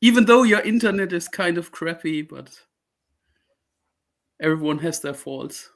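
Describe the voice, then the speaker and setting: A man's voice: a little high, animated, unhurried. A man co-hosting a stream, teasing and needling the host while laughing. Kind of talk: casual stream banter.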